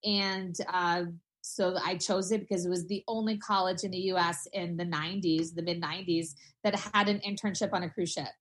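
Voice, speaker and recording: A woman in her forties from New Hampshire, telling her story as an interview guest in a chatty, energetic way. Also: on the low side, normal speed. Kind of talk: casual interview.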